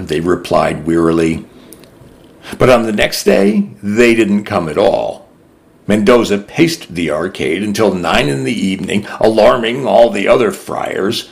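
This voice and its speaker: A man's voice: fairly low pitch, expressive, a little slow, vocal fry. A man narrating a novel in the first person with a dry, wry storytelling manner. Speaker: audiobook narrator.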